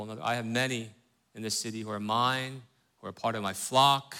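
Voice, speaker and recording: Bright-voiced man teaching the Bible. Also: mid-range voice, fairly even intonation, clear, resonant tone. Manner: asks the listeners questions and often checks in with "right?"; earnest, reads scripture slowly with rising emphasis.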